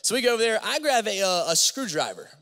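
A young man in his twenties, a youth pastor talking to teenagers at a church service in a lively, slangy way, telling a story. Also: high voice, fast. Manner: animated, slangy, talks straight to the crowd. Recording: long hall reverb from a church auditorium.

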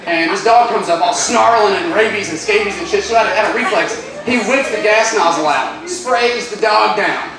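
A man's voice: high voice, moderate pace, hardly any pauses. A young man from southern Georgia doing a self-deprecating open mic stand-up set, flustered after losing his lines. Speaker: stand-up comedian. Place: comedy club stage. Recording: echoey club, far-off mic, noisy.

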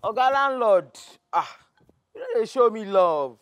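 A man's voice: sits high, lively intonation, a little slow, fairly bright tone, no echo. An actor with a Nigerian Pidgin accent playing a cheeky male security guard who jokes while chasing unpaid wages. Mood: wheedling. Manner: wheedling, joking.

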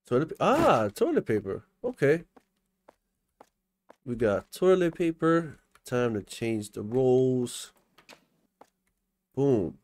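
A young adult gamer narrating play as it happens, with a mellow, soft-edged voice that drawls slowly. Frets aloud and repeats the same words over and over when rattled, with a faint noise floor under the talk. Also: medium pitch, very animated. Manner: frantic, repeats words in panic. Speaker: gameplay commentator. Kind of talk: live gaming commentary.

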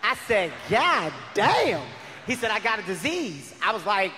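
A man doing stand-up, telling a wild story in a loud, frantic, shouting delivery on a big stage. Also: high voice, very animated, a little slow, a little hiss or hum. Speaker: stand-up comedian. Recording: live in a large hall with reverb.

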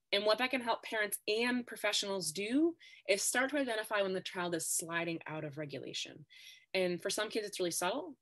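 A woman's voice: mid-range voice, a bit bright. A woman speaking as a guest expert on a podcast, explaining steadily and often stressing her points with "really". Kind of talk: podcast interview.

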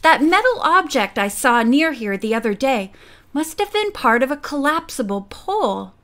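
A woman voicing a sharp, curious teenage girl detective who thinks aloud in earnest. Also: sits high, very animated, moderate pace.

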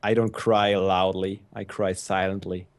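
A man's voice: low-pitched, flat delivery, a little slow. A young man chatting and laughing easily with friends while they play a game. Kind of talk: casual chat while playing a game.

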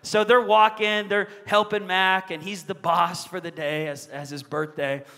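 A man's voice: high-pitched, flat delivery, unhurried, bright, forceful tone. A middle-aged male pastor preaching a sermon in a church, with emphatic call-and-response and prayer. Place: church sanctuary on a stage. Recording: reverberant church hall.

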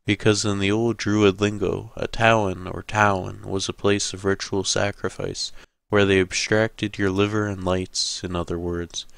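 A man's voice: on the low side, little pitch movement, unhurried, creaky, a bit bright, no echo. A man voicing a sardonic police officer who talks in a wry, offhand way.

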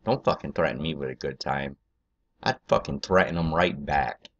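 A man's voice: rumbling low, expressive, moderate pace, fairly bright tone, lo-fi sound. A man hosting a political video, ranting angrily and rambling with heavy profanity.

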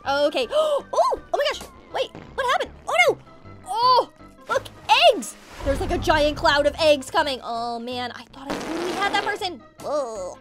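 A bubbly young woman narrates her gameplay in a high, sing-song voice that leaps all over the place. She gasps and squeals as she plays, with game music running behind her. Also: very animated, normal speed. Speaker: gaming channel host. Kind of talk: excited gameplay commentary.

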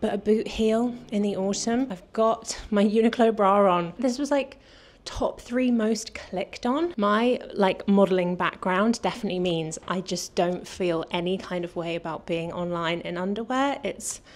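Her voice is medium-pitched and her pace a little slow. This UK fashion vlogger, a British woman, talks eagerly and slightly breathlessly through a casual try-on haul.

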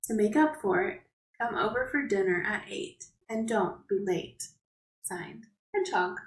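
An apologetic hedgehog from a picture book, read out by a woman teacher. His letter is read at a slow pace, and the room around sounds echoey. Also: mid-range voice, expressive, natural voice. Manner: reads the letter aloud.

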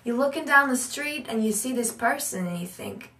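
A woman giving an animated talk as an accent coach, thinking aloud with many asides. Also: fairly high pitch, moderate pace. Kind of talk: instructional talk. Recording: roomy echo, distant mic.

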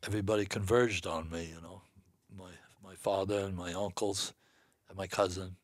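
A man's voice: deep voice, level tone, normal speed, no room sound, clean studio sound. An older man from the northeastern United States, a guest telling a long hunting story in a folksy way, laughing between lines. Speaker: guest hunter. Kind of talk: storytelling in casual chat.

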